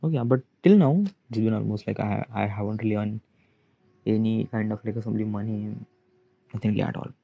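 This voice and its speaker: A man, giving a halting, rambling confessional monologue in which he questions himself aloud. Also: fairly low pitch, fairly even intonation, vocal fry, phone-quality sound. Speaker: vlogger. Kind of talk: confessional self-talk monologue.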